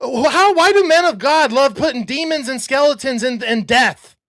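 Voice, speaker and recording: A man with a strikingly high voice hosts a live talk show. He talks excitedly and in bursts, restarting his sentences and getting louder as he works himself up. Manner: excitable, rapid, self-interrupting, gets worked up and yells. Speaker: show host. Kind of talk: excited conspiracy breakdown chat.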